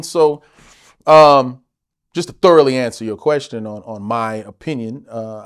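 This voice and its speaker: A middle-aged man, an actor, telling stories in a casual interview, swearing and acting out quotes in other voices. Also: mid-range voice. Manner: animated, swearing, acts out quotes in other voices, laughs often.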